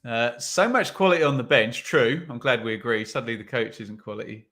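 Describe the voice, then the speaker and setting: A man's voice: medium pitch, brisk, fairly bright tone. A man hosting a live football watch-along, commenting on play and reading viewer comments with wry asides.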